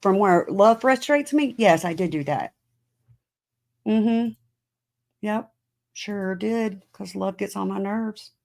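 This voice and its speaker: Speaking slowly with long pauses, this middle-aged woman has a medium-pitched, creaky, slightly mellow voice. As a podcast host, she casually answers viewer comments on a live stream, using plenty of fillers.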